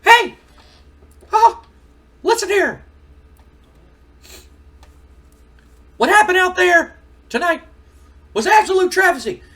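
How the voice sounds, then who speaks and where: A man voicing a blustering, pompous older male wrestling king, shouting and boasting high above his own voice. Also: heavily acted. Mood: outraged.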